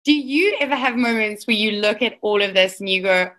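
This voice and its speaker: A woman's voice: medium pitch, fairly quick, few pauses, a bit bright. A woman hosting an interview, asking questions and giving brief, encouraging responses.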